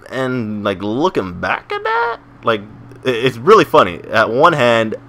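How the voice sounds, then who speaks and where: A man's voice: mid-range voice, huge pitch swings, measured pace, bright, forceful tone. A young man vlogging to his viewers in a casual, joking, self-mocking ramble, full of fillers and restarts. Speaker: gaming vlogger.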